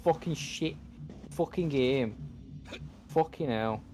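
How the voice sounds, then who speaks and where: A man's voice: mid-range voice, takes it slowly, warm tone, soft background music. A young man giving let's play commentary, frustrated and swearing at the game as he plays. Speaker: gaming channel host.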